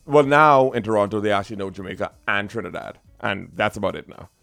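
A Bahamian man co-hosting a casual talk show, lively and quick to jump in. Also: fairly low pitch, creaky, soft background music. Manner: animated, quick to interject. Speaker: podcast co-host. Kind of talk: casual chat.

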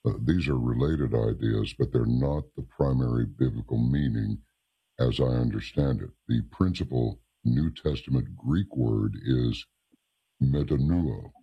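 A man hosting a radio interview, measured and explanatory as he puts questions to a guest. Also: extremely low pitch, slightly rough. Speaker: radio show host. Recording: dull lo-fi radio sound.

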